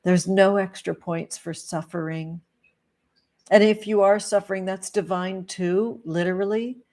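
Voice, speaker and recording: A woman's voice: medium pitch, fairly even intonation, measured pace, a little mellow. A woman hosting a casual livestream, gushing and affectionate, greeting viewers by name and calling them pet names. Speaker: livestream host, tarot reader and witch.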